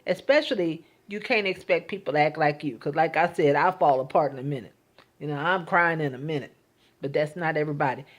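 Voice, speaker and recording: A woman's voice: deep voice, brisk. A woman talking in a casual, reflective monologue. She is earnest and emotional, and she often repeats words and restarts her sentences. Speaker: vlogger.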